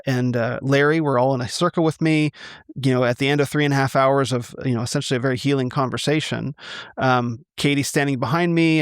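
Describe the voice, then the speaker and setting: Guy from the us telling his story, lots of ums and restarts, mid pitch, dry close sound. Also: smooth, dry recording. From United States. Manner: halting, many restarts and fillers. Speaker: interview guest. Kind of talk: conversational testimony.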